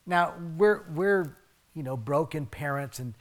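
A man preaching a sermon in a conversational way, swinging from emphatic bursts down to soft, hushed asides. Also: fairly high pitch, expressive, measured pace. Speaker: pastor.

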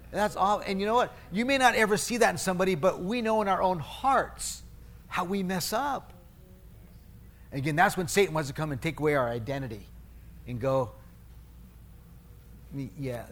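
A middle-aged pastor with a slightly high, somewhat bright voice preaches in a conversational, storytelling way. He teases himself and restarts or corrects phrases as he goes.

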